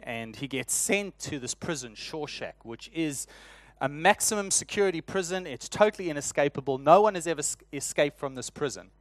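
A man's voice: on the high side, expressive, normal speed, dry recording. A man in his thirties with a South African accent, a church elder giving a sermon in a friendly, humorous storytelling way with frequent restarts.

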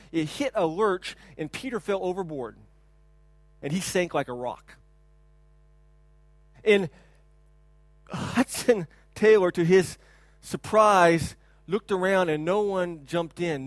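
High-voiced earnest male pastor. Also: measured pace, dry recording. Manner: earnest storytelling, quiet and reflective at the end. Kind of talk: sermon.

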